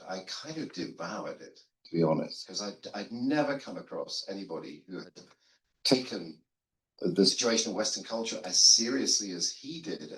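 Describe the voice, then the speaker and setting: An older man with a fairly low voice speaks on a seminary panel, rambling through stories with a self-deprecating, conversational manner. He restarts his sentences often. His voice carries a roomy echo. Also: a bit bright. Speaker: guest theologian on a seminary panel. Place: seminary lunch room.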